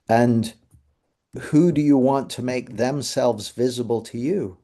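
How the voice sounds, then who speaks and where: A middle-aged man speaks slowly in a mellow, medium-pitched voice as he runs a live webinar masterclass over video call. He tells stories in a chatty way, acting out what others said.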